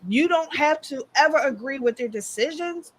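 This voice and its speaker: A woman's voice: high-pitched, lively intonation, normal speed, low-quality recording. A woman co-hosting a podcast in casual chat, emphatic and full of "like" fillers. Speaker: podcast co-host.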